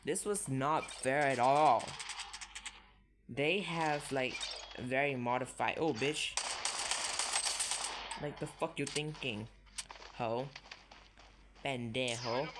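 A man's voice: slow pace, long pauses. A young man giving casual commentary while playing a mobile shooter, jumpy and constantly swearing, yelping when startled. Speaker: mobile shooter game streamer. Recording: noisy low-quality audio with loud hiss.

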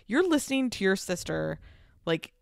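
A woman's voice: medium pitch, sing-song, moderate pace, vocal fry, no room sound. A young woman co-hosting a casual podcast, blunt and profane, ranting animatedly about a reality show. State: pregnant. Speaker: podcast co-host. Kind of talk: casual chat.

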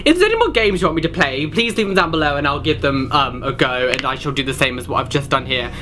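A man's voice: on the high side, animated, fast, pushed and bright. Panicky young man with background hiss. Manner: jumpy, panicky, exclamatory, swears a lot. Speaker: gaming channel host. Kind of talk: horror game reaction commentary.

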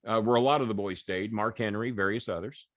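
A man's voice: lowish voice, brisk, a bit bright, no room sound, lo-fi sound. An older man, a podcast guest, animatedly retelling a story in casual chat, swearing freely and acting out the quoted voices.

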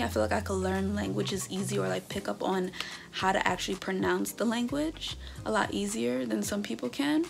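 A chatty woman in her twenties talks through her results in a casual vlog, reacting as she reads them out. Her voice has a gravelly, fry-tinged edge. Music plays clearly beneath her. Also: medium pitch, normal speed. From North America. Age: 20s. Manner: chatty, animated, reading results aloud with reactions. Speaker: vlogger. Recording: background music under the voice.

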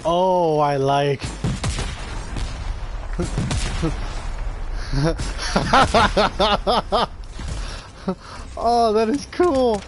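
A man's voice: high-pitched, extremely slow, pauses often, noisy background. A man live-streaming a video game, swearing freely, laughing often and breaking into exasperated rants. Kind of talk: casual gameplay commentary.

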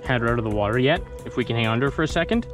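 A young man from Saskatchewan, vlogging casually while wading in a weedy creek, often breaking into excited exclamations. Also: mid-range voice, racing, music in the background. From Saskatchewan, Canada. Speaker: fishing vlogger. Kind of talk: casual outdoor vlog narration. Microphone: phone camera.

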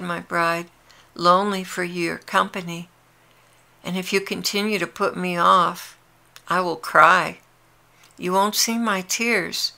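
Woman voicing Jesus, tender longing man, earnest and intimate, flat steady delivery, gravelly low tone. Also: full character voice. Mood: pleading. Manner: earnest, intimate, gently pleading. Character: tender, longing adult male Jesus addressing his brides. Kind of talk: devotional prophetic dialogue.

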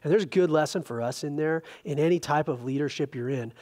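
A man leads a Bible study from the pulpit and tells the old stories as if he were chatting with friends. His voice sits a little higher than most men's. He keeps his teaching loose, friendly and animated. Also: fast talker. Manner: chatty and informal, retelling scripture with animated asides. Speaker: pastor.

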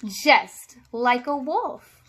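A woman reads a children's story aloud, unhurried and expressive, with little asides to her listeners. Her voice is high and bright, and it rises and falls a lot. She records herself at home.

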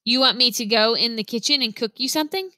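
A woman's voice: a little high, fast talker, no room sound. A woman reading a patient, puzzled father. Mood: frustrated. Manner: gentle, questioning.

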